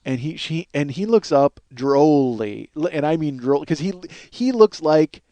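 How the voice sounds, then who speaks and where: A man's voice: on the high side, expressive, measured pace, mellow, no room sound. A man hosting a podcast, telling a rambling, profane comic story with mounting exasperation. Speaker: podcast host.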